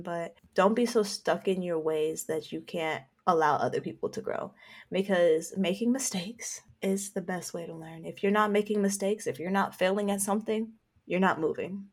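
A woman co-hosting a casual podcast chat. She talks earnestly and gives advice, with plenty of filler words. Her voice sits at a medium pitch. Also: normal speed, breathy edge. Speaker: podcast co-host.

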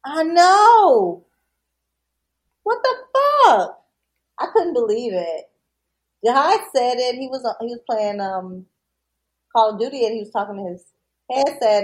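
A woman co-hosting a podcast in casual chat, animated, laughing often and swearing freely. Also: a little high, normal speed. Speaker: podcast co-host.

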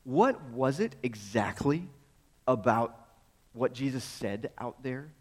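A man's voice: mid-range voice, animated, takes it slowly. A man preaching a sermon in a conversational, storytelling way, asking rhetorical questions and chuckling as he goes. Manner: chuckles often while speaking. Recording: long reverb of a large hall.

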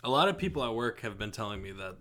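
A man's voice: fairly low pitch, sing-song, fast, pushed and bright. A young man co-hosting a casual podcast, laughing and reacting with mock disbelief. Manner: laughing, incredulous. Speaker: podcast co-host. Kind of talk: casual chat among friends.

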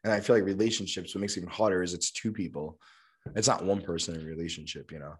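A man's voice: steady tone, fast, husky. A young adult man with a sore throat, chatting casually on a podcast with lots of fillers. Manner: rambling, lots of fillers, puts on high voices for quotes. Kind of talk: casual chat.

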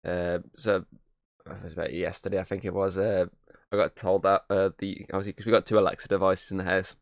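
A man's voice: low voice, flat delivery, fairly quick, gravelly, dry recording, studio quality. A man hosting a casual podcast over a video call, rambling, swearing and laughing as he talks. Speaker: podcast host.

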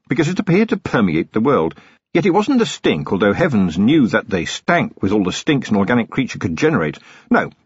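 A man narrating a novel as an audiobook, in an expressive, characterful storytelling way. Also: fairly low pitch, husky, no room sound. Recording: dull lo-fi close-miked recording.

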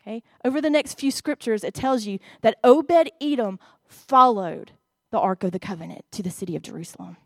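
High-voiced woman preaching. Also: brisk, no echo, studio quality. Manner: expressive, reads scripture aloud and addresses the congregation. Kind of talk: sermon. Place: church.

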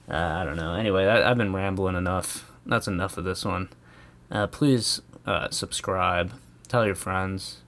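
A man's voice: low-pitched, measured pace, a bit bright. An American man ranting casually in a rambling, profane way, chuckling often. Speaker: vlogger. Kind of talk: casual comedic rant.

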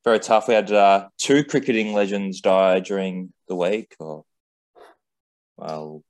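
A man's voice: deep voice, fairly even intonation, a little slow, a little mellow. A young Australian man co-hosting a podcast in casual, rambling chat with many fillers. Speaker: podcast co-host.

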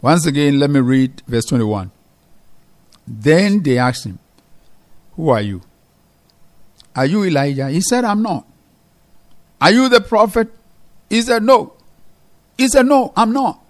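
A man preaching a sermon as pastor, emphatic, swinging between loud calls to his listeners and low, quiet stresses. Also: animated, measured pace, pauses often.

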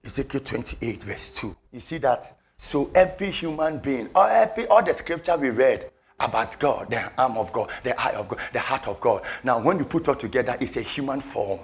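A man preaches a passionate sermon, repeating phrases for emphasis and swinging between low murmurs and shouted peaks. He speaks at a normal speed with lively intonation.

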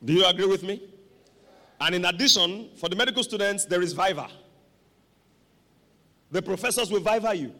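A male pastor, his voice high and bright as he preaches with dramatic, animated flair. He calls out to the congregation for responses. His voice rings with the long echo of a large church hall. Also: moderate pace, pauses often. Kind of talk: sermon.

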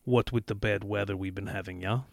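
A man's voice: lowish voice, steady tone, a little fast, vocal fry, no room sound, studio quality. A man voicing a friendly, pudgy male window repairman with a put-on Slavic accent and broken English.

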